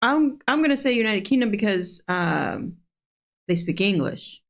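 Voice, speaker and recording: Fifties female co-host, chatty and animated in casual banter. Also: mid-range voice, unhurried. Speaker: reaction video co-host. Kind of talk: casual chat.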